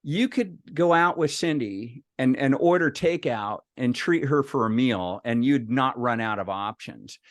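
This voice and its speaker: A man's voice: medium pitch, expressive, a little slow, hardly any pauses, no echo, clean studio sound, close to an everyday voice. A man doing a coaxing older brother.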